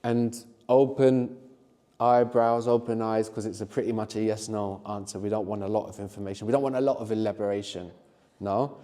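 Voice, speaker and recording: A middle-aged man teaching a live workshop, encouraging the learners and often checking in with a quick "no?". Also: fairly low pitch, flat delivery, warm tone, in a large hall. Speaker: language teacher.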